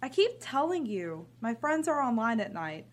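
An actress playing a bitter, cynical grown daughter who talks with sarcastic scorn. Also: female voice, fairly high pitch, big pitch swings, normal speed. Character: bitter cynical adult daughter living at home. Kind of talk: drama scene.

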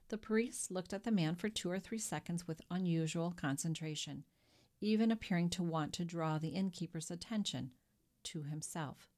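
A woman narrating a classic novel as an audiobook, with measured, expressive storytelling. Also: fairly low pitch.

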